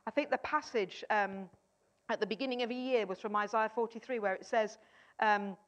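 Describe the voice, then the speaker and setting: A woman preaching an energetic sermon at a church gathering, firing questions at the congregation and urging them to answer. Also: mid-range voice, a little fast. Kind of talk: lively interactive sermon. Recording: dull lo-fi sound.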